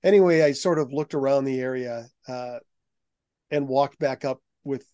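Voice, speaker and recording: A middle-aged man, a guest author, telling anecdotes in a lively, conversational way. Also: medium pitch, normal speed, clear, resonant tone, no echo. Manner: lively anecdotal telling, acts out quoted voices. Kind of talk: conversational storytelling.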